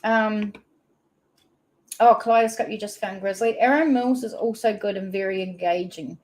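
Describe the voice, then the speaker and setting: Her voice is mid-range with a darkish tone, and she speaks at normal speed. A livestream host from New Zealand with a Kiwi accent, she reads viewer comments out loud in a laid-back chat.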